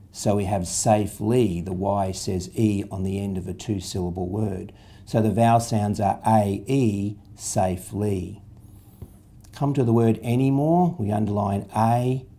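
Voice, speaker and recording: A man's voice: on the low side, mellow. A man explaining syllable division in a patient, step-by-step phonics lesson. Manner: patient, step-by-step instructional delivery. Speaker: literacy teacher.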